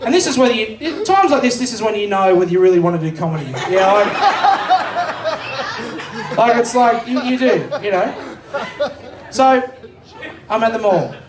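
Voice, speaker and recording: A high-pitched Australian man performing stand-up, rambling off into self-mocking asides and swearing. He is picked up from a distance in a roomy venue, with a faint ambience behind him. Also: very animated, moderate pace, pauses often, a loud crowd, very noisy. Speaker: stand-up comedian. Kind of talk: live stand-up set. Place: live comedy venue.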